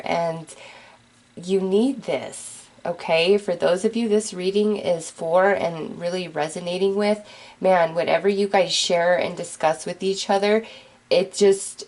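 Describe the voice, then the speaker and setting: A woman with a somewhat low voice gives an emotional tarot reading to her viewers. She talks in a gushing, earnest, chatty way, full of fillers, and she is choked up and tearful. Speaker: tarot reader.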